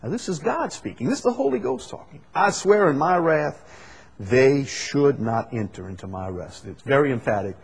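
A man with a husky voice preaches a Bible study. He builds to loud, emphatic repeated phrases and then settles into quiet, halting explanation. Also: mid-range voice, sing-song.

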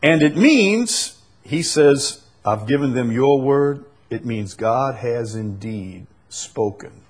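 Male preacher, husky, unhurried, big dynamic swings for emphasis. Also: animated. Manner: swings from loud emphatic peaks to soft low drops, stretches key words. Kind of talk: sermon.

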